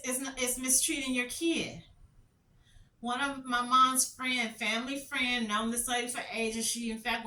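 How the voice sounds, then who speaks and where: A woman's voice: on the high side, sharp tone, far from the mic. Passionate woman in an echoey room. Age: middle-aged. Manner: passionate, repeats phrases, rhetorical questions. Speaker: commentary vlogger. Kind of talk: emotional storytelling commentary.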